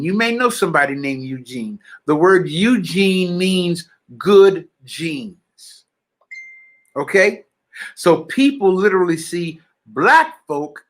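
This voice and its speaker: A man delivers an impassioned spiritual message, speaking in a fervent, preacher-like manner. His voice sits high and bright. He talks slowly, addresses listeners directly and repeats key phrases for weight. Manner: addresses listeners directly and checks they follow.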